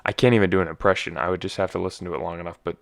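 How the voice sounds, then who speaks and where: A man's voice: low-pitched, fairly even intonation, rapid-fire, creaky, a bit bright. A young man hosting a casual solo podcast, rambling and self-deprecating, his voice slightly scratchy. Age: young adult. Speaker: podcast host.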